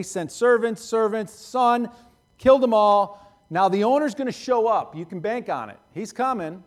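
A man's voice: a little high, a little mellow. A male pastor preaching in a conversational way, repeating phrases and laughing often. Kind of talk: sermon.

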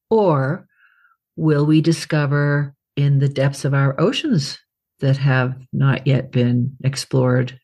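A woman's voice: a bass voice, mellow, slightly rough. A woman hosting an interview, asking an author curious questions over a video call. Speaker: interview host. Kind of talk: casual interview chat.

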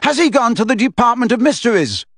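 A man reading aloud, voicing an urgent, demanding teenage boy wizard who shouts his questions. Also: extremely high pitch, big pitch swings, fast talker, dry recording, clean studio sound, voice pushed up, exaggerated voice.

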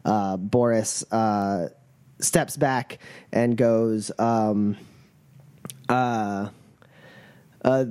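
A man narrating a tabletop role-playing game as game master, pausing often with "uh" and "like". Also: on the low side, steady tone, a little mellow, clear, resonant tone. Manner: hesitant, full of "uh" and "like".

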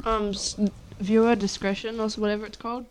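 A woman's voice: on the high side, very noisy. A young woman co-hosting a casual chat podcast, reacting with lots of fillers and slang. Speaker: co-host.

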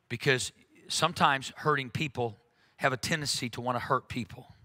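A man's voice: mid-range voice, steady tone, moderate pace, sharp tone. A man preaching a conversational sermon, talking earnestly and frankly, with frequent "uh"s and restarts.

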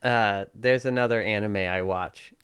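A relaxed man co-hosting a podcast, mostly agreeing with short replies. His voice sits a bit low. The recording is dry and close. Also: measured pace, clean tone, dry recording. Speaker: podcast co-host. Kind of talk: casual chat.

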